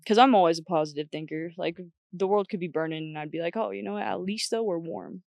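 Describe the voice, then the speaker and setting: A woman's voice: fairly low pitch, fast talker, creaky, darkish tone, dry recording. A young woman guest on a podcast, talking bluntly and chattily, often quoting herself. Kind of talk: casual chat.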